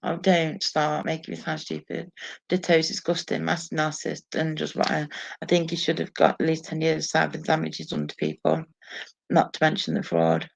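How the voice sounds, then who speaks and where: A woman's voice: low-pitched, flat delivery, moderate pace, vocal fry. A woman hosting a casual live stream at home, chatting to viewers with frequent swearing and laughter. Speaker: live stream host reading viewer comments. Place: home, sitting alone. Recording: dull lo-fi sound.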